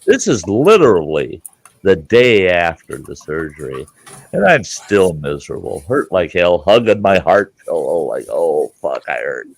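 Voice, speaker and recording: A man's voice: sits low, measured pace, creaky, slightly rough, no room sound. A man hosting a casual livestream chat, telling rambling, profane stories. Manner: rambling, profane, lively storyteller. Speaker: livestream host.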